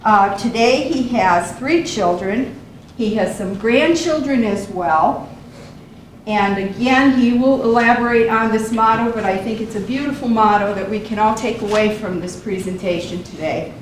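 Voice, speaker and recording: Woman presenter, formal introduction of a guest, earnest and measured, very echoey hall, voice far from the mic. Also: fairly high pitch, a little hiss or hum. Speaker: event presenter introducing the speaker.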